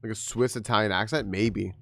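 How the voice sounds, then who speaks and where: A man's voice: fairly low pitch, fairly even intonation, fairly quick, fairly bright tone. Chatty, laughing male streamer. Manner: chatty, laughing, greeting chat. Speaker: game streamer. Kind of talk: casual live-stream chat.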